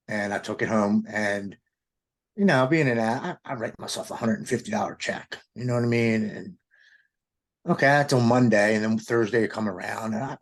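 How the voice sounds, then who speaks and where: Earnest man with a lowish voice sharing a candid recovery story, stumbling through restarts. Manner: earnest, halting with many restarts. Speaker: podcast guest.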